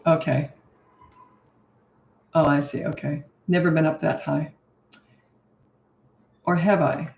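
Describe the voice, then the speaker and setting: A woman's voice: sits low, steady tone, takes it slowly, creaky, long pauses, darkish tone. An older woman, a parenting coach, chatting casually as she hosts a live stream, greeting viewers and laughing often. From Canada and Australia. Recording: roomy echo.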